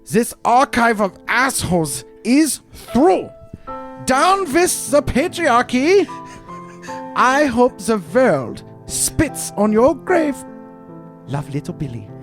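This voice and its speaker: A man's voice: extremely high pitch, wildly swooping pitch, takes it slowly, fairly bright tone, soft background music, voice pushed up, exaggerated voice. A man voicing a spoiled young man reading out a spiteful, mocking letter to his father in a tabletop game. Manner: petulant and mocking.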